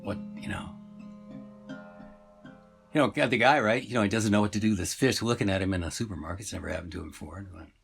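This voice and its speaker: A man's voice: lowish voice, fast talker, creaky, long pauses, faint music behind. A man telling a story in a rambling, meandering way, full of fillers and asides.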